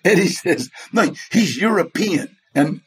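A man's voice: high voice, lively intonation, measured pace, breathy edge. A man, a guest in an interview, telling stories animatedly, acting out the people he quotes and laughing often. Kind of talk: storytelling in a chat interview.

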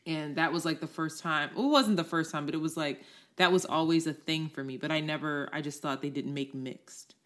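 A young adult woman co-hosting a podcast, telling a personal story in casual chat, candid and quick to swear as she acts out what people said. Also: deep voice, steady tone, fairly bright tone. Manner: candid, swears freely, acts out quoted voices. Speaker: podcast co-host.

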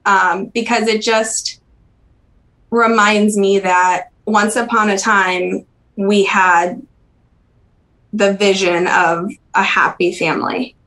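A young woman speaking as a podcast interview guest, recalling personal memories in a halting, soft-spoken way with frequent pauses and restarts. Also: medium pitch, steady tone, poor audio. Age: young adult.

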